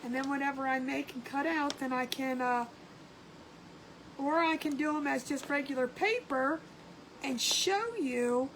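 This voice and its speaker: A woman's voice: high voice, a little slow, fairly bright tone, slight background noise, poor audio. A woman hosting a casual craft livestream, chatting and greeting viewers by name and laughing often. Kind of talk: casual live-stream chat.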